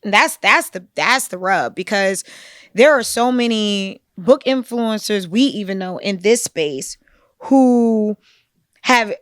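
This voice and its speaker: A woman co-hosting a book podcast, talking in an animated, conversational way with frequent asides. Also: medium pitch, takes it slowly, no echo, studio quality. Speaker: podcast co-host. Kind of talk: casual book discussion.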